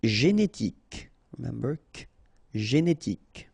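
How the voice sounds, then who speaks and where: A man with a French accent teaching pronunciation in a slow, unhurried way, repeating and spelling out each word. His voice is dark and gravelly, with a husky edge. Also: medium pitch, sing-song, no echo. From France. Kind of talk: pronunciation drill.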